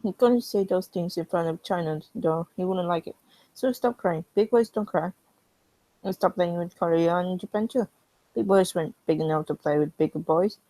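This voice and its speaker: A woman with a lowish voice and a strained throat reads a fan story aloud, steady and plain. She drops in chatty asides to viewers between passages. The sound is dry and close. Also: moderate pace, dry recording, poor audio. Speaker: fan reading fanfiction in character.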